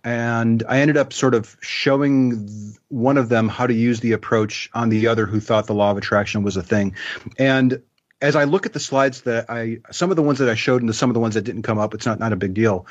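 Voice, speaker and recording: A man as an interview guest, explaining his plans in a relaxed, thoughtful way. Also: mid-range voice, fairly quick, highs cut off. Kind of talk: casual interview.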